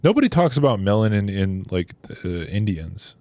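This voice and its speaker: A man's voice: lowish voice, very animated, moderate pace, mellow, no room sound. A young man co-hosting a casual comedy podcast, teasing the others and laughing often. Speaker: podcast co-host. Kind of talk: casual chat.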